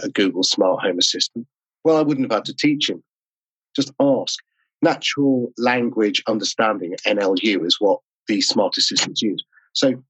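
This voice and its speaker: A man's voice: fairly low pitch, fairly bright tone, breathy edge, no room sound, lo-fi sound. A man talking on a video call interview, enthusiastic and explanatory. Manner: enthusiastic, explanatory, quick asides. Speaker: podcast host and interview guest. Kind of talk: casual interview talk.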